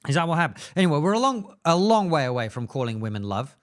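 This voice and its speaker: A man trading dry, teasing banter as a podcast co-host. His pitch rises and falls a lot as he talks. The tone stays casual and jokey. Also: sing-song, quick pace. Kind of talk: casual comedic chat.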